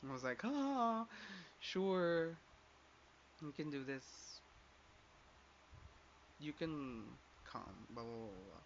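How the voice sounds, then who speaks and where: A young male podcast host with a mid-range voice and vocal fry takes his time, pausing often as he rambles through a personal story in a casual rant. He uses plenty of filler and swears when quoting other people. The audio is dull and lo-fi with faint background noise.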